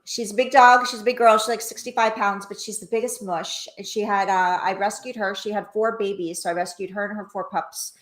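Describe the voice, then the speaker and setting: A woman talking as a guest on an online interview, gushing and warm. Her voice sits mid-range and bounces around an echoey room. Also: mid-range voice, fairly even intonation, brisk, hardly any pauses. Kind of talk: virtual interview chat.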